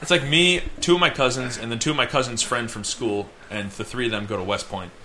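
A man's voice: mid-range voice, brisk, sharp tone, slight background noise. A young man co-hosting a podcast, telling a long rambling story in casual chat. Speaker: podcast co-host.

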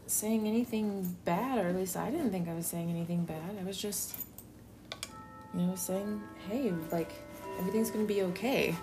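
A woman doing an earnest fisherman apostle. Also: on the low side. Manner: casual and reassuring, full of "like" and "whoa".

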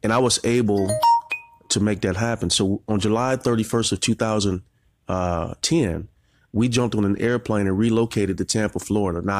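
A man's voice: lowish voice, dry recording. Man, forties, motivational coach, earnest and tearful, repeats himself, dry close sound. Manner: emotional, fighting back tears, repeats phrases. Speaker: marketing coach. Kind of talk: motivational talk.

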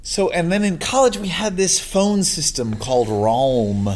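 Lively, animated male storyteller. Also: a little high, a little slow, a little hiss or hum. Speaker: podcast host. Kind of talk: casual storytelling chat.

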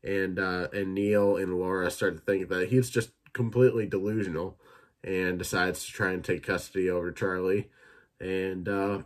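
A young man with a deep voice and little pitch movement hosts a casual solo podcast reviewing films. He rambles and swears as he retells movie scenes through quick impressions.

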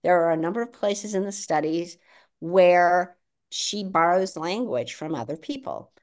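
A woman guest on a podcast who works in education policy, explaining her views in a measured way. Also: fairly low pitch, animated, darkish tone. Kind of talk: casual podcast conversation.

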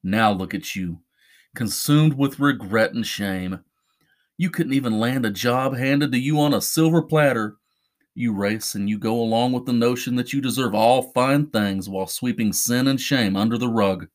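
A man voicing a cold, mocking male apparition who speaks lower and with scorn. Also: moderate pace, lightly acted. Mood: scornful.

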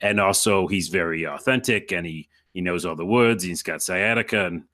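A playful, animated man talks in a casual conversation. His voice is lowish in pitch but carries a crisp, bright edge. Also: normal speed.

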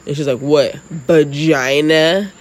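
A woman in her thirties co-hosting a casual chat, an animated storyteller who laughs often. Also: deep voice, normal speed, rough recording. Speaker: podcast co-host.

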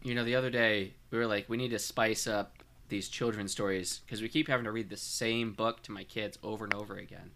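A man's voice: lowish voice, fairly even intonation, a little fast, creaky, a crowd in the background. A man co-hosting a podcast in casual chat, easygoing and joking. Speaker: podcast co-host.

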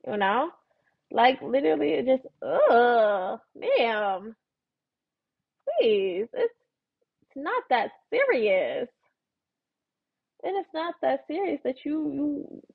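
A woman's voice: high-pitched, very animated, slow, creaky, long pauses, no room sound. A woman, hosting a podcast and telling a profane, blunt story in a casual rant. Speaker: podcast host. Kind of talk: casual ranting monologue. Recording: dull lo-fi recording.

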